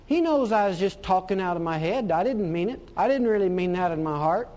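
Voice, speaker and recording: A man's voice: sits high, animated, fairly quick, a little mellow. A man doing a whiny, fed-up churchgoer woman. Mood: aggrieved. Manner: whiny, self-justifying.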